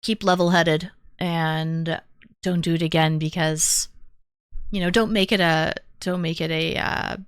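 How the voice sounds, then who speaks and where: A woman hosting call-ins, her voice somewhat low for a woman. She talks in a supportive, conversational way, and her sound is dry and close. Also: fairly even intonation, measured pace, clear, resonant tone, dry recording. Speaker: host. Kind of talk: casual call-in chat.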